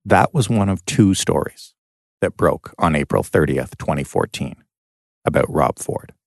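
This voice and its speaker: A man narrating a documentary podcast in a measured, scripted way and interviewing a guest. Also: very deep voice, expressive, gravelly, no echo, clean studio sound.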